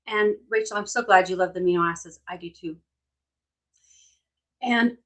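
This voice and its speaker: A woman's voice: medium pitch, measured pace, long pauses, rough recording. Middle-aged woman, hypnotherapist, chatty storyteller, casual livestream from home. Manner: chatty, tells stories, asks "right?". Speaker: hypnotherapist and nutrition coach. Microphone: phone or webcam.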